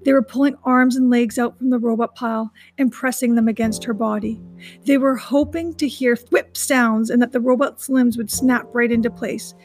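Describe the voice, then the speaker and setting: A woman's voice: a little high, steady tone, darkish tone, soft background music. A woman reading a children's novel aloud chapter by chapter, after a casual recap. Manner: recaps chapters casually, then reads briskly.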